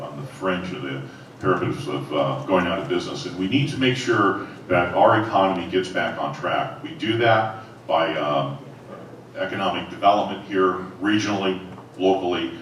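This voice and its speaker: A deep-voiced male candidate answers emphatically and drives his points home with repeated words. The sound is distant and boomy, with heavy hall echo. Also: a bit bright, slight background noise. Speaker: political candidate. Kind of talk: forum answer. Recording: echoey hall, voice from far off.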